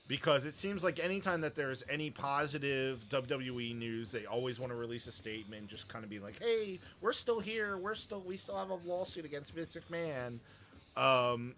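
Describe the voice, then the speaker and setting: A man's voice: mid-range voice, sharp tone, slight background noise. A man hosting a wrestling show, chatting casually about the news and giving his opinions, with a rambling manner and many fillers.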